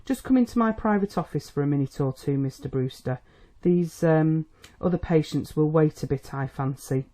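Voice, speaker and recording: A reader voicing a stern, worried old country doctor who is a protective father, speaking in a gruff, testy, dry way, with a mellow tone. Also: mid-range voice, normal speed, natural voice.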